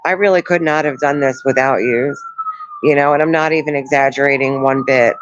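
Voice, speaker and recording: A woman in her thirties chatting on a live stream from home, sore after surgery, soft and emotional as she thanks her viewers. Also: a bass voice, steady tone, brisk, noisy background. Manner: soft, emotional, greets chat viewers warmly. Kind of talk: casual live stream chat. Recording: dull lo-fi stream audio.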